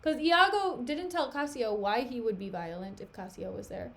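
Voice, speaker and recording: A woman's voice: a little high, moderate pace, creaky, fairly bright tone. A young woman streaming herself reading a play aloud, recapping it in a chatty, giggly way full of "like" and "you know". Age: young adult. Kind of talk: casual reading and commentary.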